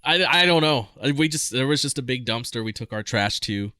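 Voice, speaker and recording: A man's voice: medium pitch, lively intonation, a little fast, bright, forceful tone, clean tone, dry recording, studio quality. A young man co-hosting a podcast, telling stories in casual chat and laughing often. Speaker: podcast co-host.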